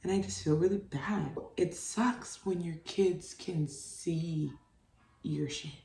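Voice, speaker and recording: A woman's voice: fairly low pitch, slow, gravelly, mellow, a little hiss or hum. A young adult woman hosting a solo podcast, talking candidly and loosely, full of "like" fillers and casual swearing. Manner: candid, rambling, heavy on "like" fillers, swears freely. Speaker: podcast host, mother. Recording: roomy, voice distant from the mic.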